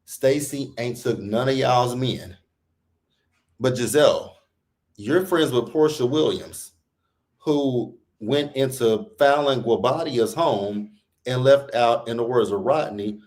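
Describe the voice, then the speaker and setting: Male reality TV recap host, AAVE speech, mid-pitched, profane and exasperated, rants hard. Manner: profane, animated, exasperated, quotes people in put-on voices. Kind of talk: heated casual recap rant.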